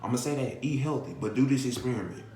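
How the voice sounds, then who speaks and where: A man delivering a profane comedic rant, hammering his point with rhetorical questions. His pitch is ordinary, and the room adds some echo over faint background noise. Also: animated, quick pace, mellow. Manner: repetitive, rhetorical questions, heavy cursing. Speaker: vlogger.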